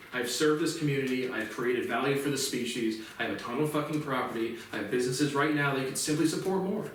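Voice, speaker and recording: A man's voice: on the high side, fairly bright tone, slight background noise. A man talking alone to camera in a profane, rambling rant that keeps turning heated. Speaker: vlog host. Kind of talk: solo rant monologue. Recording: echoey room, far from mic.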